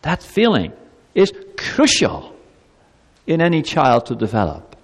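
A man preaching a sermon as pastor, animated, sometimes speaking God's words in a pleading tone. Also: medium pitch, measured pace, breathy edge. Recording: long hall reverb.

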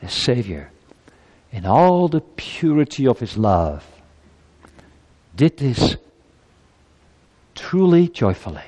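A male pastor preaching a sermon to his congregation, emphatic and swinging from soft passages to loud exclamations. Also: mid-range voice, very animated, slow pace, long pauses. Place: church. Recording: long church-hall reverb.

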